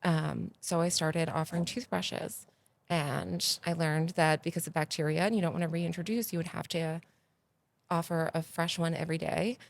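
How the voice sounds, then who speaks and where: A woman, a podcast guest telling stories in a casual, animated way that grows loud and excited. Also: sits low, normal speed, gravelly, dry recording. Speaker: podcast guest, agency founder. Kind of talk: casual interview storytelling.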